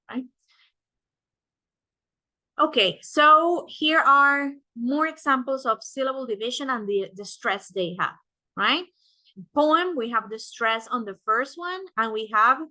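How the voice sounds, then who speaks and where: Woman teacher, young adult, unhurried bright delivery, dry close sound, patient explainer. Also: fairly high pitch, no room sound, poor audio. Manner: explanatory, frequent "right?" checks and "uh" fillers. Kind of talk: recorded class lesson.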